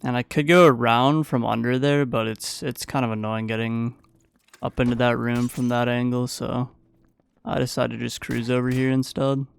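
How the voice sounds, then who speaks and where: A man's voice: mid-range voice, level tone, moderate pace, vocal fry, clean tone. A man giving a casual, playful play-by-play voice-over of his own gameplay as a gaming YouTuber.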